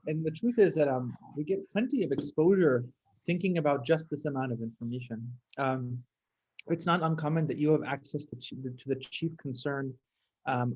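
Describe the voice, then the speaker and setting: A man hosting a clinical case conference on a video call, talking in a chatty, lively way and thinking aloud with fillers. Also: fairly high pitch, husky, dull audio. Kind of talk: casual, talkative teaching.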